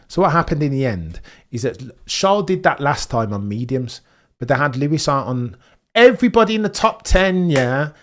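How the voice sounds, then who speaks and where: A young British man commentating a live race session for a stream, reacting to chat and swinging between loud excitement and deflated muttering. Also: medium pitch. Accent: British English. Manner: reads and answers chat. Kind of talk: live watch-along commentary.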